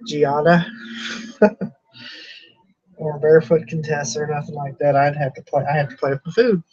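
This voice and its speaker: A man's voice: on the high side, fairly even intonation, moderate pace, a little mellow. A man chatting casually on a live stream about reselling, rambling and chuckling at himself. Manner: rambling, chuckling, self-deprecating. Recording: dull lo-fi sound.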